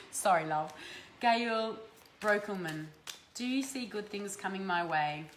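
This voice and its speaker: A woman's voice: mid-range voice, animated, slow pace. Chatty Australian woman in a roomy echo. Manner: casual, swears freely, affectionate with viewers. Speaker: host giving energy readings. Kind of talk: live-stream chat with viewers. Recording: roomy echo, faint background noise.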